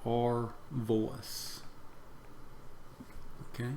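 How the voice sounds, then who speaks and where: A man teaching Greek vocabulary in a slow lesson. He repeats each word for drill and fills pauses with "uh". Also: mid-range voice, level tone, warm tone. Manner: slow, repeats words for drill, many "uh" fillers. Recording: echoey room with faint background noise.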